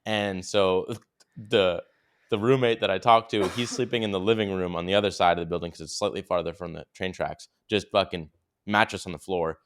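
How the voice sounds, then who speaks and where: A young man with a very low, clean and resonant voice tells a story on a podcast. He rambles, swears casually and drops "dude" and "like" everywhere. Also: steady tone, fairly quick, smooth. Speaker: podcast co-host.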